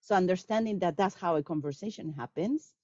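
A woman answering questions after a talk on language teaching, animated and acting out quoted students. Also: fairly low pitch, a little fast. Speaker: guest speaker on language teaching. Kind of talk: lecture Q&A answer. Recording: dull lo-fi sound.

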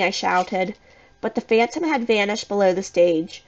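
A woman reads a spooky children's book aloud in the first person. Her reading is expressive and suspenseful, with a moderate, ordinary pitch for a woman. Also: normal speed, dull audio. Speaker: audiobook reader. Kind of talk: storybook narration in first person.

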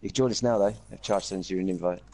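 A man's voice: sits low, fast talker, creaky, warm tone. A man livestreaming a video game, chatting in a friendly way with friends and viewers over a headset. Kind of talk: casual gaming chat.

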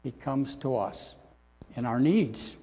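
A man preaches slowly and deliberately, with room in every pause. His delivery is dramatic and often sinks to soft, low endings. A long reverb trails each phrase through the church. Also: animated, breathy edge. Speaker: pastor. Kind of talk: sermon. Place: church sanctuary.

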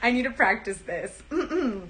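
A woman's voice: fairly high pitch, expressive, a little slow, a bit bright, a little hiss or hum, low-quality recording. A young woman chatting casually on a livestream, giggly and self-conscious as she practices a character. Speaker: livestream host.

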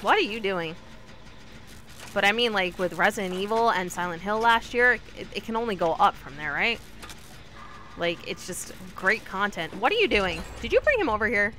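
A woman streamer giving casual commentary while she plays, chatty and talking to her teammates and the killer, with sudden excited yelps. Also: medium pitch, fairly quick, a little hiss or hum. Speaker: gaming streamer.

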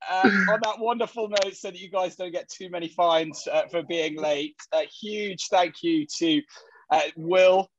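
A man's voice: sits high, measured pace, muffled recording. A man hosting a podcast, firing off short interview questions and wrapping up the show. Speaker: podcast host. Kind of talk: rapid-fire interview questions.

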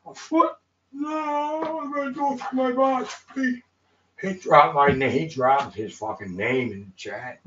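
A man's voice: high-pitched, measured pace, fairly bright tone, dull audio, a little hiss or hum. Livestreamer, male, raised voice with big swings, profane and emotional, distant in an echoey room. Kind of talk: rambling livestream chat.

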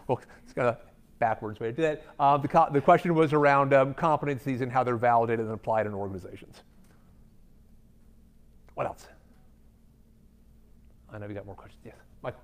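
A man speaking as a guest at a company talk, answering audience questions in a candid, conversational way with frequent ums. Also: mid-range voice. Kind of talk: conference Q&A talk. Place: company event room.

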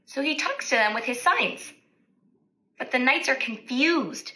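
A woman speech-language therapist reading a picture book aloud to children, animated and stopping to ask questions. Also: high voice, measured pace, low-quality recording.

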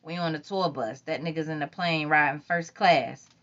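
Crude cocky young dude teasing on the phone, woman reading it, lowish voice, lo-fi sound. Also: moderate pace, a bit bright. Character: crude cocky young man, a bodyguard on tour. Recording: dull lo-fi recording.

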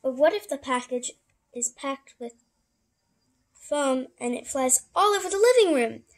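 A woman's voice: high-pitched, animated, measured pace. A woman voicing a timid, worried mother cat in a picture book, reading anxiously.

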